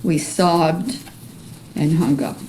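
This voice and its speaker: An older woman with a Bronx accent, an artist reading a personal memoir aloud in an earnest, emotional, measured way. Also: deep voice, darkish tone, slight background noise, rough recording. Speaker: artist presenting her paintings.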